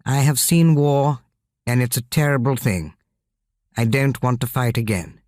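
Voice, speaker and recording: A man voicing a gentle, sorrowful young king in a storybook reading, speaking softly and earnestly. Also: mid-range voice, measured pace, no echo, clean studio sound, lightly acted. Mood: sad, earnest. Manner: soft, earnest lines. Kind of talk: audiobook character reading.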